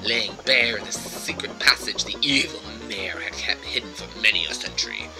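A man's voice: lowish voice, normal speed, natural voice, poor audio. A man voicing a pompous, long-winded male adventurer who tells grandiose tales, with game music underneath. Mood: hushed dramatic. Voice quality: grandiose, theatrical storytelling.

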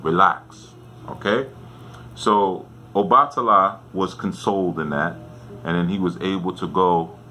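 A man's voice: sits low, sharp tone, slight background noise. A man in a casual storytelling lesson, talking conversationally and often checking in with "right?". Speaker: spiritual teacher.

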